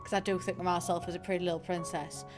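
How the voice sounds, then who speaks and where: A woman's voice: lowish voice, level tone, fast talker. Chatty Northeast English woman streamer. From northeast England. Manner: chatty, rambling storyteller, thanks viewers. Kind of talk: casual gaming stream chat. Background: faint piano music.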